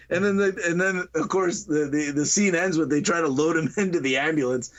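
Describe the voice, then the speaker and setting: A man's voice: fairly high pitch, fairly quick, few pauses, slight background noise. A man casually retelling a funny movie scene on a podcast, laughing often and acting out the characters' lines. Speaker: podcast co-host.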